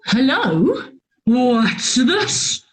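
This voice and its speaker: A woman voicing a big gruff father bear in a storybook reading, with a low growl. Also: sing-song, very slow, heavily acted, rough recording. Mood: puzzled.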